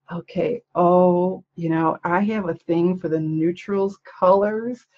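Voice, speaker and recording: A woman's voice: on the low side, slow pace, muffled recording. A woman chatting casually on a livestream, showing handmade cards and gushing over them with frequent little laughs. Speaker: stamping demonstrator showing swap cards. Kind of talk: casual livestream show-and-tell.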